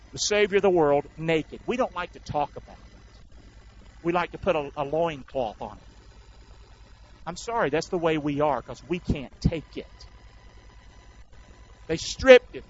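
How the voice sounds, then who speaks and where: A male preacher, delivering a sermon in call-and-response style and acting out the crowd and soldiers. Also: high voice. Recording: dull lo-fi sound.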